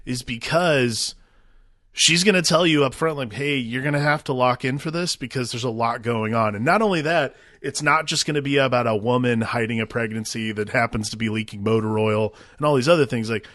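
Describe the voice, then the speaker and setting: Dude cohosting a movie podcast, rambly with lots of likes, bright tone, dry mic. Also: male voice, mid-range voice, brisk, dry recording. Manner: loose, filler-heavy musing with many "like"s. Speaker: podcast co-host. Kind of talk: casual movie podcast chat.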